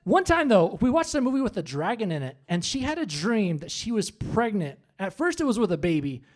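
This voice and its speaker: A man hosting a comedy show on stage, doing his stand-up set with punchy, animated delivery and asides to the crowd. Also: high voice, brisk. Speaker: stand-up host. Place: comedy club. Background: audience laughter.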